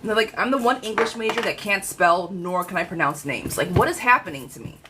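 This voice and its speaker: A woman giving a live-streamed tarot reading in a chatty, frank, lively way, talking straight to her viewers. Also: mid-range voice, fairly quick, noisy background. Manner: chatty, animated, frank, calls viewers girlfriend. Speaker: tarot reader.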